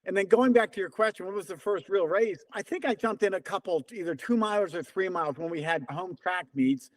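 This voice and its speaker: A man around seventy talks in a high voice, a little fast, while telling stories in an interview. A veteran distance runner, he keeps it lively and conversational, quoting and acting out dialogue from memory.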